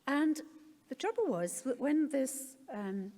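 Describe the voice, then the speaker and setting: A woman's voice: high-pitched, big pitch swings, slow, mellow. A middle-aged woman giving a candid personal talk as a conference speaker, with wry self-deprecating humour. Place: conference hall. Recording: long reverb of a large hall.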